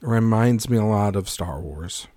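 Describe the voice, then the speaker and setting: A man's voice: fairly low pitch, measured pace, mellow, no room sound. A man co-hosting a casual film podcast, rambling through jokes and tangents, swearing freely and laughing mid-sentence. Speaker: podcast co-host.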